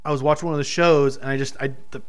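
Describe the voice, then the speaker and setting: A man's voice: medium pitch, rapid-fire, smooth. A man chatting casually about wrestling with friends, telling stories with a lot of swearing and acted-out reactions. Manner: profane, animated storytelling with quoted reactions. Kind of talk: casual chat.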